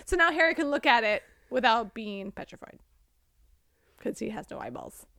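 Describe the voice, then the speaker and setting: A young woman co-hosting a podcast, casually retelling a story in a lively way and slipping into quick silly voices. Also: a little high, gravelly, no echo, studio quality. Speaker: podcast co-host. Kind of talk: casual chat recapping a story.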